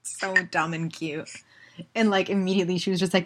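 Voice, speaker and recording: A woman co-hosting a podcast in casual chat, animated and giggly, acting out lines from a TV show. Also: mid-range voice, brisk. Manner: animated, giggly, acts out quotes. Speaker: podcast co-host.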